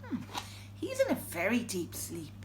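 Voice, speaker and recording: A woman reading a picture book aloud to her children, animated, gasping and asking them questions. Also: a little high, measured pace, echoey room, noisy background. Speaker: parent reading to her boys.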